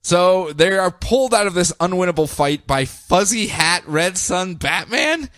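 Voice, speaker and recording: A man's voice: high-pitched, expressive, a little slow, fairly bright tone, no room sound, studio quality. A man co-hosting a podcast, recapping comics casually and animatedly, laughing often and acting out quotes. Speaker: podcast co-host.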